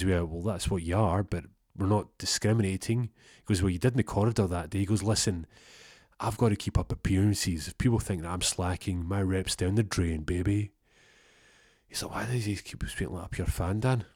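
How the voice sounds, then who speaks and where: A young man telling a rambling comic story, deadpan, acting out both sides of the conversation. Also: low-pitched, no room sound, clean studio sound. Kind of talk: comic storytelling with acted-out dialogue.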